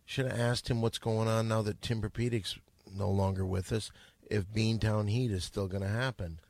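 A man's voice: lowish voice, fairly even intonation, normal speed, a little mellow, dry recording. A male podcast host in casual comedic banter, teasing and needling his guests.

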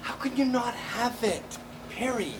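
A man's voice: extremely high pitch, expressive, a little slow. A drunk man who talks in a pushy, needling way. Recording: distant mic with background noise.

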